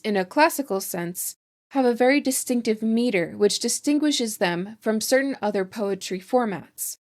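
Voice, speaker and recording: A woman hosting a language channel, reading a scripted lesson in a measured, precise way. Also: fairly high pitch, a little mellow. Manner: measured, precise explanatory delivery. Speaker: etymology channel host. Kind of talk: scripted educational narration.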